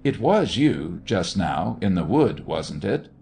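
A polite, reserved young man from an audiobook, hesitant and quietly intense, as a male narrator puts him on. His delivery is lively in pitch, with a faint gravel beneath it. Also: slow pace, exaggerated voice. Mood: hushed.

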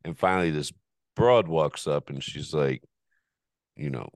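A man hosting a podcast, telling a story in a casual, profane, animated way and laughing often. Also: very deep voice, moderate pace, no echo, studio quality. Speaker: podcast host.

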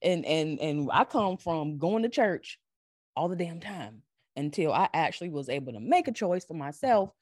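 A woman's voice: sits low, animated, moderate pace, darkish tone, dry recording, clean studio sound. A woman with a North Carolina Southern accent talking frankly in a casual conversation, emphatic and swearing, often restarting her sentences.

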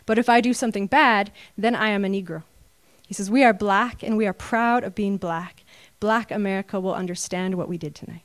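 A woman's voice: medium pitch, a little fast, dry recording. A woman preaching a sermon from slides, earnest and rising to emphatic peaks.

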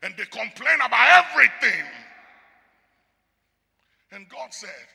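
Gravelly preacher booming in a hall. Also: male voice, lively intonation, unhurried. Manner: call-and-response preaching, shifting from shouts to near murmurs. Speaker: pastor. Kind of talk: sermon. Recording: long hall reverb.

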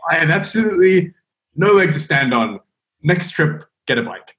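A man, a podcast guest, telling a story in a casual, animated way, with lots of fillers and restarts. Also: on the high side, normal speed. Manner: animated, rambling, heavy on fillers.

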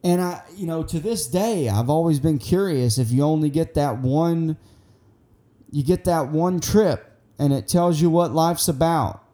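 A man's voice: fairly high pitch, measured pace. A young man casually telling a long personal story, rambling and swearing, acting out what people said. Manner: rambling, profane, excitable, acts out quotes.

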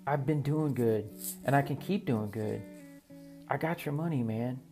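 A man's voice: mid-range voice, unhurried, dark tone, faint music behind, close to an everyday voice. A man voicing a frightened young man who pleads and stammers, in a storybook reading. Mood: pleading.

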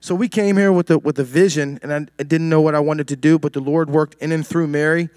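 A man's voice: fairly high pitch, fairly even intonation, quick pace, a little mellow, smooth, no echo. A man from Maryland giving an earnest, preacherly testimony at a church service and quoting scripture. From Maryland, USA.

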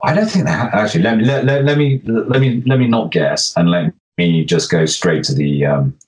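Very deep-voiced rambling man. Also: moderate pace. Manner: rambling, self-correcting, jokey. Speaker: podcast co-host. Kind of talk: casual chat about tabletop game rules.

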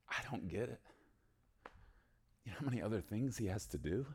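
Male preacher, deep voice; emphatic bursts alternating with quiet, intimate storytelling. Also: expressive, fairly quick, long pauses, husky. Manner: swings from loud emphatic declarations to soft, hushed storytelling. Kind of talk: sermon.

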